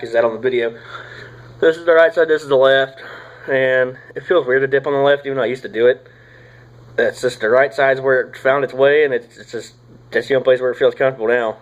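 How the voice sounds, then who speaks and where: A young man, rambling casually through a product review, swearing often and filling pauses with "uh" and "like.". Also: mid-range voice, low-quality recording. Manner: rambling, profane, drawling with frequent fillers. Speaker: tobacco reviewer.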